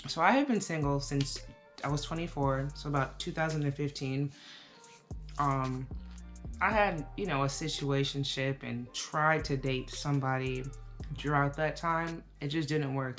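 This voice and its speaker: A woman in her thirties giving a casual, reflective life update to camera, talking slowly with many fillers. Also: extremely low pitch. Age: 30s. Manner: relaxed, reflective, with frequent fillers. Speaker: vlogger.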